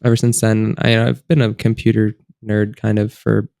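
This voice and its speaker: A man in his twenties, a college student and podcast guest, chatting casually in a laid-back, halting way with many fillers. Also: on the low side, monotone, vocal fry, a little mellow, no echo, clean studio sound. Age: 20s. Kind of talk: casual chat. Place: college town studio room.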